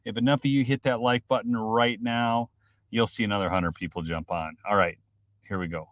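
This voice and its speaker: Excitable male livestream commentator, dry sound. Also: lowish voice, a little fast, dry recording. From Minnesota. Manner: excitable, swings from loud outbursts to mutters. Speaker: political commentary streamer. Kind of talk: live-stream commentary.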